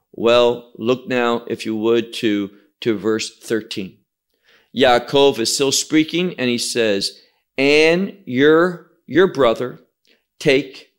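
A man's voice: medium pitch, a bit bright. A man teaching the Bible verse by verse, explaining Hebrew terms and asking and answering his own questions.

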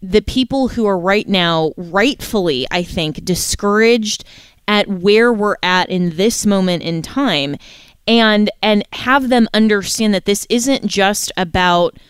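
A woman's voice: medium pitch, animated, unhurried, clean tone, no room sound, studio quality. A woman hosting a radio talk show, speaking in an indignant, emphatic way and pressing her guest with questions.

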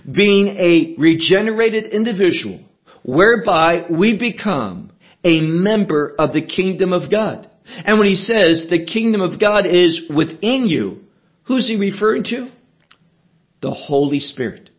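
In a high-pitched voice with lo-fi sound quality, a Bible teacher works through a sermon verse by verse. He is deliberate and emphatic, posing rhetorical questions as he explains the text.

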